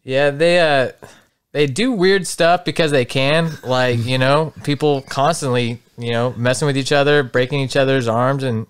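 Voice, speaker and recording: A man co-hosting a podcast, joking around with friends and quick to laugh. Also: medium pitch, smooth. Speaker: podcast co-host. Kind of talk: casual chat.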